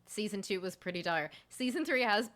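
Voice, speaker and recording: A woman hosting a recap podcast, talking in a chatty, enthusiastic way. Her voice is bright and clear, and she often breaks into laughter. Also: medium pitch, animated, a little fast. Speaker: podcast host. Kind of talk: casual chat.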